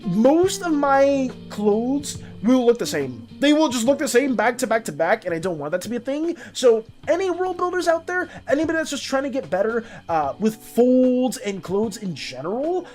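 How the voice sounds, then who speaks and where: A woman artist streamer chatting casually on a live stream, animated and chatty as she greets and thanks viewers. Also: fairly high pitch, moderate pace, hardly any pauses, faint music behind.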